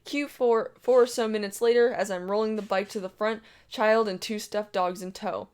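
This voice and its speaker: A woman reads an internet story aloud with brash, profane storytelling. Her pitch is average for a woman and her delivery is plain and direct. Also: fairly even intonation, normal speed, a little mellow, clear, resonant tone. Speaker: story reader. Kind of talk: reading an online story aloud.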